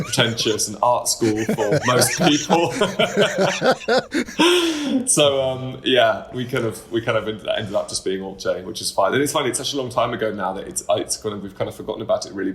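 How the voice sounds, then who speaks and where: A man, a band member being interviewed, talking in a loose, rambling way with many fillers and restarts. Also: on the low side. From United Kingdom. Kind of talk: casual interview talk.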